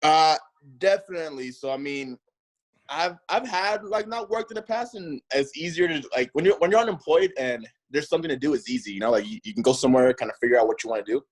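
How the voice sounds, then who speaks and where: A man chatting as an interview guest in a relaxed, rambling way full of fillers. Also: a little high, quick pace. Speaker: guest, nightlife host. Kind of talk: casual interview chat.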